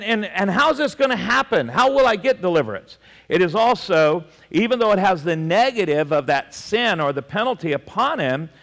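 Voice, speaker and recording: A man with a high voice preaches to his congregation, telling a homely story with humor at his own expense. He trips over and repeats words as he goes, and his voice rings with the long echo of a church hall. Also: fairly bright tone. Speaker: pastor. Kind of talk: sermon.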